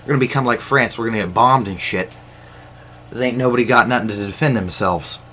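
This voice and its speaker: A man's voice: mid-range voice, fairly quick, pushed and bright, a little hiss or hum. A man in young adulthood hosting his own podcast, ranting in a rambling, profane way with lots of fillers and restarts. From United States. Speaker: podcast host. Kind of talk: casual solo rant.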